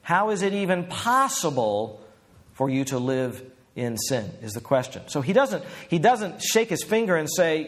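A man's voice: on the high side, lively intonation, moderate pace. A middle-aged man preaching a sermon in an earnest, conversational way, often asking his listeners questions.

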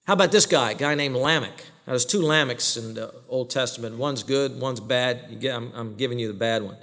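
A man's voice: mid-range voice, brisk, bright, forceful tone. Emphatic preacher man in a reverberant hall. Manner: emphatic, asks the listeners questions and answers them. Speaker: pastor. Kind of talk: sermon. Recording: long reverb of a large hall.

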